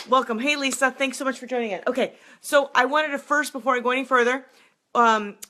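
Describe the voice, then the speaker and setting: A hyped-up middle-aged woman coaching runners on a live stream. Her voice is bright and forceful, and her pitch sits in the middle for a woman. She talks fast and greets her viewers as she goes. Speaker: running and triathlon coach. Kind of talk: live video chat with viewers.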